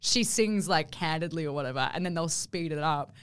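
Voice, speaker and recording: Chatty woman, low dry voice. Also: brisk, clean tone, no echo. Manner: chatty, enthusiastic storyteller. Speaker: podcast co-host. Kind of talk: casual chat.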